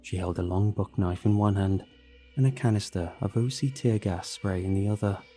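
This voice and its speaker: Low mellow guy reading a scary story, faint music under him. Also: normal speed. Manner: steady dramatic storytelling. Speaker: horror story narrator. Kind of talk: scripted narration.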